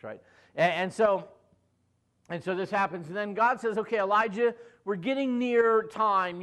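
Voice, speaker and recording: A man's voice: sits high, a bit bright. A male pastor retelling a scripture story in a casual, joking way, acting out the quoted lines and speaking to the congregation between them. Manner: jokey, acts out quoted voices with asides to the congregation.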